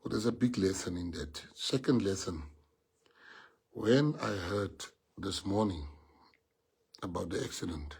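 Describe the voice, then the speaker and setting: A man with a South African accent and a somewhat low, slightly mellow voice with a breathy edge gives a heartfelt speech as party leader to his members. He's earnest and repeats key phrases for emphasis.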